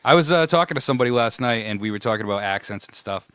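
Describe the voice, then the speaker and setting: A man's voice: mid-range voice, lively intonation, racing, fairly bright tone, smooth, dry recording. A man with a New England accent co-hosting a podcast, telling stories in easygoing casual chat. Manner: easygoing storyteller. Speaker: podcast co-host.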